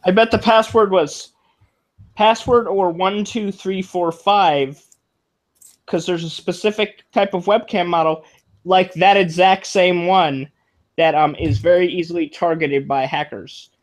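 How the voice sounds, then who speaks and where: Man, high voice, casual podcast talk, quick asides. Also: steady tone. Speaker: podcast guest. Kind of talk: casual tech podcast chat.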